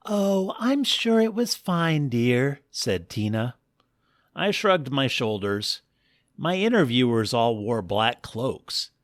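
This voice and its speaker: A man telling a comic first-person story in a wry, deadpan manner. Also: medium pitch, no echo, studio quality. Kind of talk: scripted comic narration.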